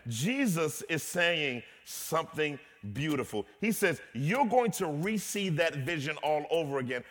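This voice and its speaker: A man's voice: fairly high pitch, very animated, measured pace, a bit bright. A man preaching a sermon as pastor, moving from humorous storytelling to impassioned preaching. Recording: long hall reverb.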